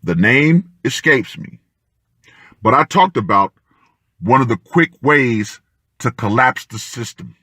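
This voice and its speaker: A man delivers a ranting commentary in a forceful, bright voice. He speaks slowly, leaning on each phrase, and his pitch swings widely. The sound is dry and close. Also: expressive, husky, no room sound. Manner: emphatic and deliberate, punchy declarations. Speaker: online commentator.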